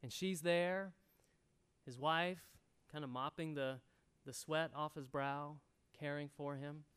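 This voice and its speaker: Male pastor, raised pitch, smooth clear tone, earnest sermon delivery. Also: fairly even intonation, slow pace. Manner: earnest preaching, swells loud then drops soft.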